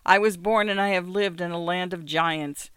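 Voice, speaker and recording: A man's voice: sits high, fairly even intonation, normal speed, a bit bright, smooth, no echo, studio quality. A man voicing a desperate, guilt-ridden murderer who pleads with passion. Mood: anguished. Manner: anguished, pleading, impassioned.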